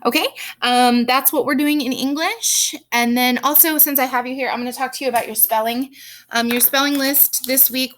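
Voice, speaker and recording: A woman's voice: fairly high pitch, noisy background. A woman teacher explaining grammar and spelling to children in a chatty way, with many ums and worked examples.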